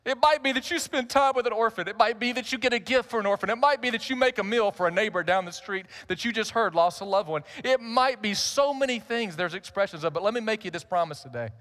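A man's voice: sits high, quick pace, few pauses, fairly bright tone. A middle-aged male pastor, telling a humorous personal story in a conversational sermon.

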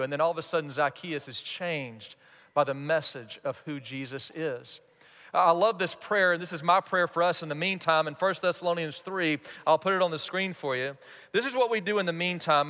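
A man preaching a sermon as pastor, animated and playing out quoted voices. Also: fairly high pitch, fairly quick. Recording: reverberant hall.

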